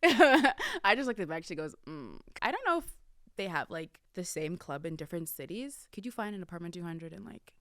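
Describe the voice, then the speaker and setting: A woman in her early twenties, hosting a podcast and telling a casual story to her listeners. She talks in a chatty way, addresses them as y'all, and swings her pitch and volume for drama. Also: big pitch swings, fairly quick, a bit bright, dry recording, clean studio sound. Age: early 20s. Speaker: podcast host.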